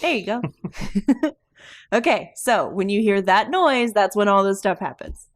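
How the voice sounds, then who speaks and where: A woman at a tabletop game lays out the team's plans in a quick, casual way, often laughing. Her voice is mid-pitched and recorded dry and close, with no room sound. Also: lively intonation, no echo. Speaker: player. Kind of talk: casual tabletop role-play.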